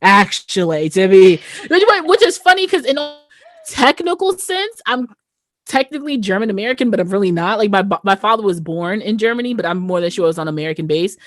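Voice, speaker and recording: A woman's voice: medium pitch, fairly quick, no echo. A woman chatting on a podcast, telling stories animatedly and acting out what other people said. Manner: animated storyteller who acts out what others said. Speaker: podcast guest or host. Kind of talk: casual podcast chat. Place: Massachusetts.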